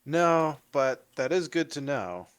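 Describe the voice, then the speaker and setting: A man's voice: on the high side, big pitch swings, slow, clear, resonant tone, dry recording. A man playing in a tabletop role-playing game, talking politely and hesitantly in character, with restarts. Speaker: player.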